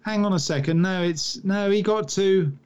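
Podcast co-host, man, slightly high voice, dry, teasing. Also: normal speed, a little mellow, clean tone, dull audio. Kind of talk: casual chat.

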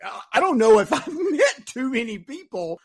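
A man with a Southern US accent hosting a podcast with energetic, hyped-up salesman delivery. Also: very high voice, normal speed, husky. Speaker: podcast host.

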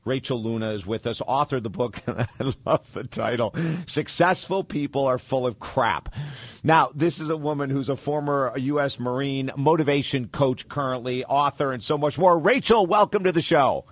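A man's voice: mid-range voice, normal speed, no room sound. A man from upstate New York hosting a radio interview, chatty, laughing often and stumbling over repeated words. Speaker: radio host.

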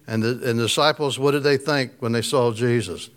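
A man's voice: medium pitch, brisk. A man preaching a casual, conversational sermon, chuckling often and putting questions to his listeners. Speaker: pastor.

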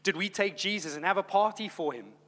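Male pastor, dynamic sermon delivery, swings quiet to loud; tense bright tone, echoing hall. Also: high-pitched, expressive, brisk. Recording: long hall reverb.

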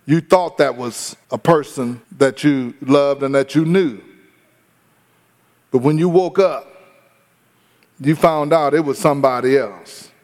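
A man's voice: medium pitch, slow, long pauses, a little mellow. Man preaching in an echoey hall. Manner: storytelling, addresses congregation directly. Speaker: pastor. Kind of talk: sermon.

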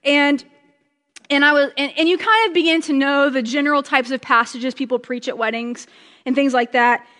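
A woman preaching a conversational sermon, chatty and joking, slowing down for emphasis. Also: high voice, fairly even intonation, pushed and bright, in a large hall.

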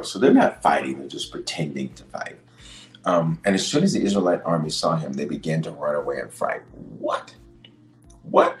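Bishop-type preacher, man, low voice with wide swings, roomy sound. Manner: emphatic preacher with big swings in pitch. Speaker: bishop and podcast host. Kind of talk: preaching sermon on leadership.

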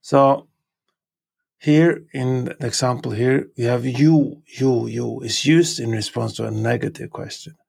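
A man teaching a podcast language lesson with a Norwegian accent, slowly repeating each example word and sentence three times. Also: mid-range voice, gravelly, a little mellow, husky.

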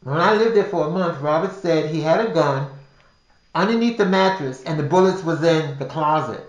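A man's voice: a little high, expressive, moderate pace. An older man telling a personal story casually, rambling with restarts and repeated words. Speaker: podcast storyteller. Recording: roomy echo.

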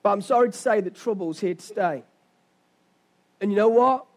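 This young man preaches as pastor, his voice sitting high and moving at normal speed. He tells stories in a conversational manner and asks rhetorical questions of those listening.

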